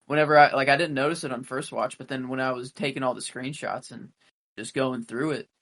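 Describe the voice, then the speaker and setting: A young man chatting on a fan podcast. He rambles and hesitates, filling gaps with "like" and "you know". His voice sits at an ordinary middle pitch. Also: steady tone, brisk, fairly bright tone. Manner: rambling, hesitant, many fillers. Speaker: podcast co-host. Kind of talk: casual fan podcast chat.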